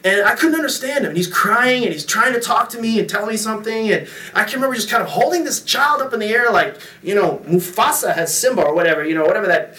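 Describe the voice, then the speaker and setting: A middle-aged male pastor delivers a sermon with a high, bright voice, joking and animated as he tells stories. He sounds set back from the microphone in an echoey room. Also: fast talker, few pauses. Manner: storytelling, jokey, animated with impressions. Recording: echoey room, mic from a distance.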